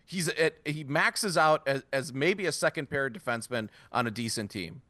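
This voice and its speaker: A man's voice: medium pitch, lively intonation, moderate pace, bright, forceful tone, dry recording. A man co-hosting a casual sports podcast, ranting bluntly with some profanity. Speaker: podcast co-host.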